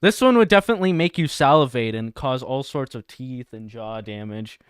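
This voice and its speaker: A man's voice: mid-range voice, expressive, normal speed, clear, resonant tone, no room sound, clean studio sound. A man hosting a satirical livestream, reading chat and video descriptions aloud with crude jokes and frequent laughter. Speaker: livestream host.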